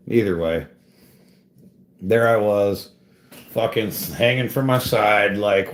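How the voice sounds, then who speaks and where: A man's voice: fairly low pitch, slow pace, pauses often. A man chatting casually, telling a rambling story full of swearing and "bro" and "dude" as he talks to a live chat about tree climbing. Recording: echoey room.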